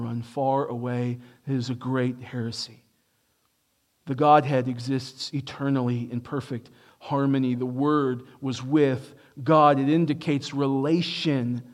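Pastor guy preaching to his church, kinda high voice, pushes hard on big points then goes low and quiet. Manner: emphatic preaching, rising to stress points and dropping low for asides. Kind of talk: sermon.

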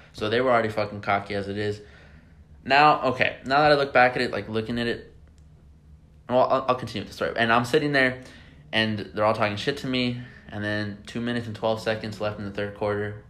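A young man hosts a casual podcast chat. His voice sits a little low. He tells stories excitedly and swears freely. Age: young adult. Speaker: podcast host.

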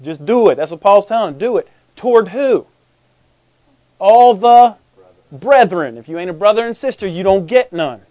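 A man's voice: sits high, animated, normal speed, dry recording, muffled recording. A middle-aged man, preaching a sermon in a folksy, conversational way and often asking the congregation if they follow. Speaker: pastor.

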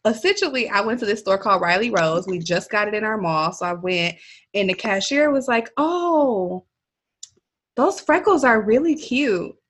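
A woman from Milwaukee, Wisconsin, co-hosting a podcast in casual chat, telling stories with animated quoted voices. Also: medium pitch. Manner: lively storyteller, animated quotes. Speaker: podcast co-host. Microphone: phone or remote line.

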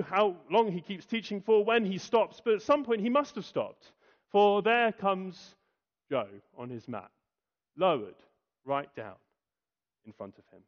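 A man preaching a sermon, asking rhetorical questions and pausing for effect. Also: fairly high pitch. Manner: rhetorical questions, dramatic pauses and acted quotes. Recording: dull lo-fi recording.

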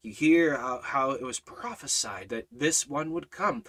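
A man leading a Bible study as a sermon, dropping to hushed low passages and building to loud, high-pitched preaching. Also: animated, a little slow, hardly any pauses. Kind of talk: impassioned sermon.

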